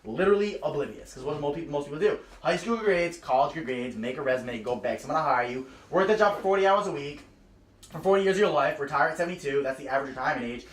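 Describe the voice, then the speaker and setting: A man's voice: on the high side, lively intonation, quick pace. A young man, telling a slangy, profane recruiting story to a small crowd at a house party. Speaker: recruiting speaker. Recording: echoey room.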